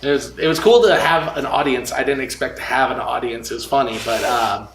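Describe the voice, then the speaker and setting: A man's voice: medium pitch, a little fast. Easygoing young man, heard from a distance. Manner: relaxed, joking asides. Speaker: groom-to-be. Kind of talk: casual chat. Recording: roomy, noisy sound from away from the mic.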